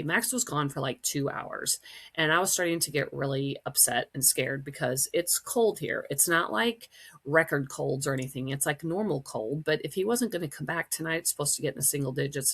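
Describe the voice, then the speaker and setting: Low gravelly-voiced chatty woman from Wisconsin. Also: a bit bright. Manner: chatty, storytelling, many fillers, acts out quotes in a high voice. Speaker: podcast host. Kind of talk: casual solo podcast chat.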